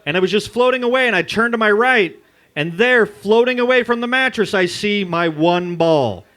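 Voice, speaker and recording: A man doing a crude, loud stand-up comedy set at an open mic in a bar. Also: high-pitched, expressive, normal speed. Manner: crude, loud, jokey storytelling. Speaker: stand-up comic.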